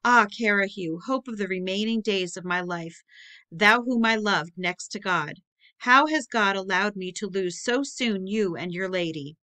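A woman's voice: mid-range voice, a little slow, sharp tone. A woman reading the lines of a pious, mournful medieval knight who prays and laments in archaic speech. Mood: solemn.

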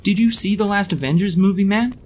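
A man's voice: high voice, fairly quick, a little hiss or hum, voice pushed up, lightly acted. A man voicing a nervous male movie star who sounds anxious and whiny.

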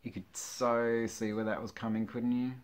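A man's voice: mid-range voice, little pitch movement, moderate pace. A middle-aged man reading old jokes aloud, groaning and laughing at them with wry, self-mocking asides. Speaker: channel host.

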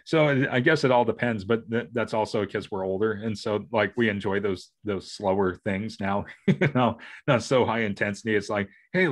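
A middle-aged man co-hosting a podcast, chatting casually in a rambling way with many restarts and acted-out family quotes. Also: on the low side. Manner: rambling, restarting, acting out family members' lines. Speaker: podcast co-host. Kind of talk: casual chat.

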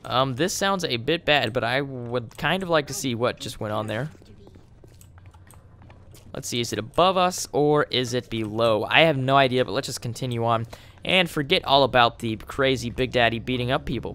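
A man giving casual let's play commentary, excitable and quick with exclamations as he plays. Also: medium pitch. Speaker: gamer. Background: game music.

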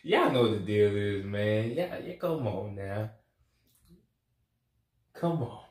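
A man's voice: lowish voice, lively intonation, takes it slowly, reverberant. A man co-hosting an eating show, teasing back in a laid-back way and laughing a lot. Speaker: co-host. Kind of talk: casual banter while eating.

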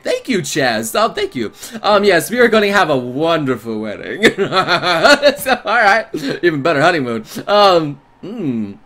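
Excitable, lively-voiced male streamer. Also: high-pitched, moderate pace. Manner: excitable, crude, laughing reactions. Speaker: game streamer. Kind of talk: reading and reacting to a visual novel.

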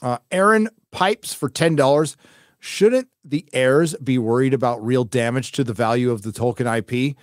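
A man's voice: mid-range voice, normal speed, dry recording, studio quality. A middle-aged man hosting a live stream, chatting casually and reading out donations in a rambling, profane way. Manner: rambling, profane, with many fillers.

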